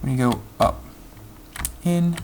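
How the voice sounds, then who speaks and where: A young man tells a long, rambling story while he plays a game, stopping often to mutter his next moves under his breath. His voice has a gravelly edge at a middle pitch. Keyboard typing can be heard behind him. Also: measured pace, a little mellow, slight background noise. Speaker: gameplay video creator. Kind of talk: casual storytelling over gameplay.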